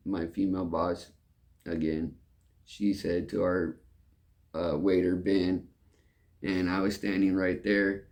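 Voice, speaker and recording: A man's voice: deep voice, little pitch movement, slow pace, gravelly, darkish tone. A young man who works in a restaurant, telling a rambling, repetitive story in casual talk. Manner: rambling, repeats "and all that stuff".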